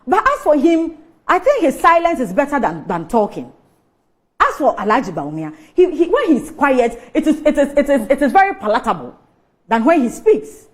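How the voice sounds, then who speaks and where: A woman's voice: high-pitched, very animated, normal speed. A woman with a Ghanaian English accent, a guest on a TV studio talk show, giving heated political commentary full of mocking rhetorical questions.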